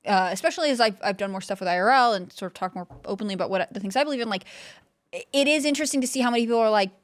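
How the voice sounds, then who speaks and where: A woman's voice: mid-range voice, rapid-fire. Thoughtful woman co-hosting a talk show. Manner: conversational, thoughtful, filler-heavy. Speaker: co-host. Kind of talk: political talk show discussion.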